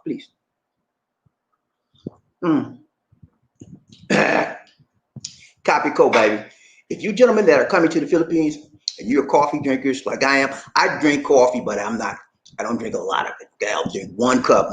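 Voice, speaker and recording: A man's voice: mid-range voice, brisk, long pauses. A man hosting his own show, talking casually and playfully to his viewers, repeating and rhyming his phrases and asking them to answer back. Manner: animated, playful, call-and-response with viewers. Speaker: show host. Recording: echoey room.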